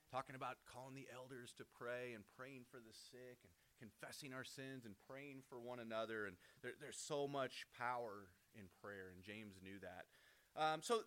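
This man speaks at a medium pitch with a sharp edge, delivering a relaxed, conversational Bible teaching. He keeps checking in with "right?" and often restarts his sentences, repeating words as he goes.

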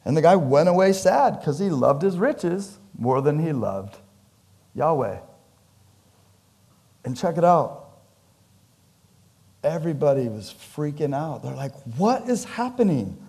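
A pastor preaching a sermon in a church, animated and conversational, joking with his congregation, his pitch and loudness swinging widely. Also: measured pace, long pauses.

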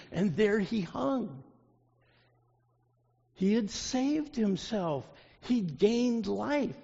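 A man preaching a sermon in a church, telling a story with surges of intensity that fall back to a soft close. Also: sits high, gravelly, breathy edge. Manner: storytelling, rising to intense peaks then dropping soft. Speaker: pastor. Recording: dull echoey hall.

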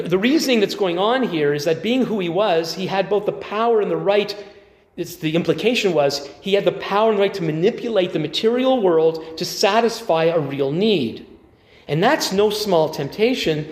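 Male preacher, relaxed conversational sermon, restarts and wry asides, roomy echo. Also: on the high side. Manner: conversational, thinking aloud with restarts and dry asides. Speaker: pastor. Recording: echoey church hall reverb.

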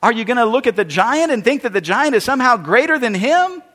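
Man, pastor, high bright voice, dramatic sermon, long echo of a big hall. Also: big pitch swings, quick pace. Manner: dramatic preaching, acts out voices of Bible figures and churchgoers.

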